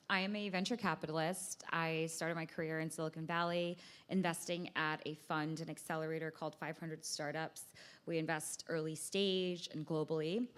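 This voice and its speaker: A woman introduces herself on a panel in a lowish voice. Her delivery is composed and polished. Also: fairly bright tone. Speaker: panel guest.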